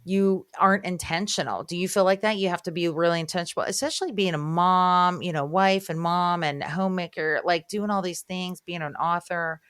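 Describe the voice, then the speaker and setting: A woman in her thirties hosting a podcast interview. She talks in a chatty, animated way, like someone telling a story to a friend. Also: on the low side, normal speed, few pauses, smooth, no echo, studio quality. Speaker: podcast host.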